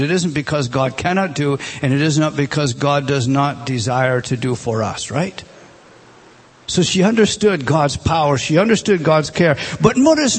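Preacher guy, kinda high voice, husky, stresses words then drops quiet. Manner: emphatic, repeats words, swings between loud and soft. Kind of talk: sermon.

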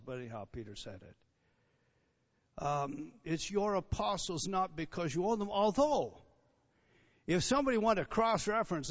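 A man's voice: on the high side, dull audio. A man pastor preaching an expository sermon with an emphatic, repetitive cadence and conversational asides.

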